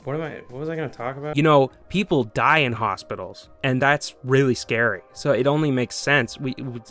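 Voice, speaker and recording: A man's voice: medium pitch, brisk. Sarcastic man hosting a comedy review. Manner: sarcastic, with deadpan asides. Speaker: comedy video host. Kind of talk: comedic movie review narration. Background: faint music.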